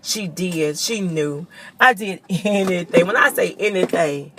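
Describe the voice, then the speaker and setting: A woman's voice: fairly low pitch, expressive, unhurried, a bit bright, a little hiss or hum. A woman giving a personal testimony to her viewers, earnest and emotional, choked up at times and calling them y'all. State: choked up with tears. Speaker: vlogger.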